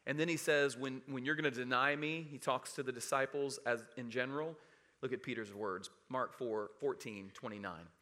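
Bright-voiced man preaching a sermon. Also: medium pitch, fairly even intonation, normal speed. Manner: preaching with rising emphasis and audience call-and-response; dramatic swings from loud emphatic to hushed quiet. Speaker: pastor.

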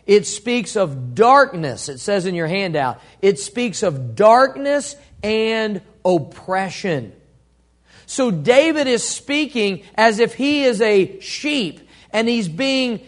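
A high-pitched man preaching from the pulpit. He calls on the congregation to repeat lines back to him, and he swings from ringing emphasis down to slow, hushed delivery. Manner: call-and-response preaching, dynamic swings from loud to hushed. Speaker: pastor. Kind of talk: sermon.

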